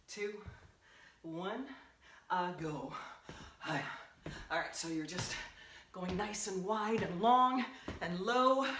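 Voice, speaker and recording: A woman fitness instructor leading a home workout, giving upbeat cues and counting down reps, out of breath at times. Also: medium pitch. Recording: roomy, distant, noisy home recording.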